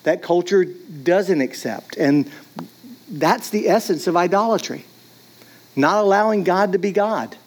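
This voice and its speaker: Man, high voice, casual preacher, chatty sermon. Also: expressive, unhurried. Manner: casual, conversational, many "like"s, acts out voices. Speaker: pastor.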